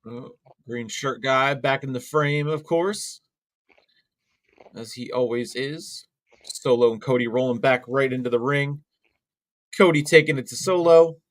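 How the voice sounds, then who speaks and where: A young man with a mid-range voice co-hosts a wrestling watch-along stream, speaking unhurriedly and pausing often. His live commentary rambles along with many fillers and restarts.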